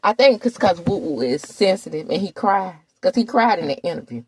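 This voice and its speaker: Sassy, lively woman gossip host. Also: mid-range voice, a little fast, hardly any pauses, breathy edge. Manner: sassy, animated, talks straight to viewers. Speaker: gossip commentator. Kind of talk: casual reality TV recap.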